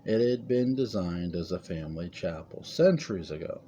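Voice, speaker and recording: A man narrating a gothic family story in a measured, dramatic reading. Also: sits low, animated, dark tone, muffled recording, a little hiss or hum.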